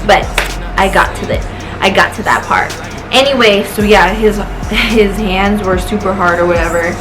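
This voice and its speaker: A woman's voice: medium pitch, steady tone, normal speed, low-quality recording. A tipsy young woman rambling through a casual storytime with lots of swearing. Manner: rambling, swearing, loose and chatty. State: tipsy and high. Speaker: vlogger. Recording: music playing behind her voice.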